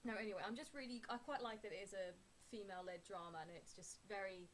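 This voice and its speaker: A woman's voice: mid-range voice, fairly even intonation, quick pace, a little hiss or hum. A young woman vlogging in a casual, rambling way, full of fillers and restarts. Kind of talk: casual chat.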